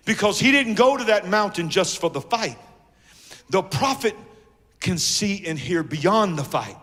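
High, lively Southern preacher man in a hall. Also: measured pace. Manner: call-and-response preaching, acting out dialogue, swinging from soft to shouted. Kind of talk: sermon.

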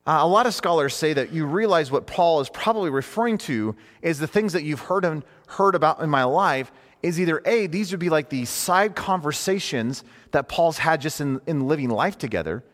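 A man's voice: a little high, expressive, normal speed, a bit bright. A man teaching in a conversational sermon style, earnest and informal, often rephrasing himself mid-thought. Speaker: preacher teaching a class. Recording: long hall reverb.

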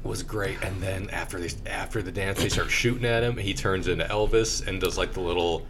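A young man co-hosting a casual chat, animated and jokey, acting out movie scenes as he retells them. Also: low-pitched, a little fast, background noise. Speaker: podcast co-host.

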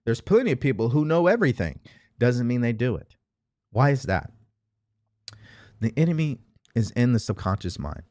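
Man, motivational speaker, emphatic, rhetorical, lively pitch, dry sound. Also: no echo. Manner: emphatic, repetitive, rhetorical questions. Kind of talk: motivational monologue.

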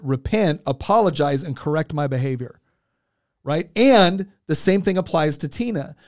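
Male podcast co-host, forties, earnest casual storyteller with a slightly high voice, dry close sound. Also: darkish tone, no echo. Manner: earnest, repeats words when restarting.

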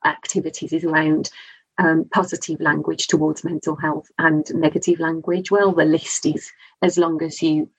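A woman, a mental health first aid trainer, talking casually on a podcast, chatty and quick to laugh. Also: sits low, flat delivery, slightly rough, dry recording, poor audio. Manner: chatty, laughs often, digresses. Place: studio.

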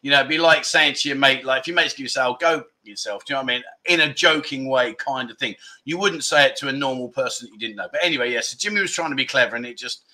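A man hosting a casual livestream, chatty and quick to laugh as he greets viewers and rambles through stories. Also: medium pitch, sharp tone. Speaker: livestream host.

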